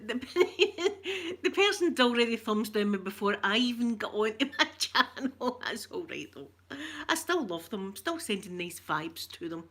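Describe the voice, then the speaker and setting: A woman's voice: mid-range voice, a bit bright. A Scottish woman telling a rambling, emotional story in casual chat and greeting viewers as she goes. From Scotland. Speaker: vlogger talking to viewers.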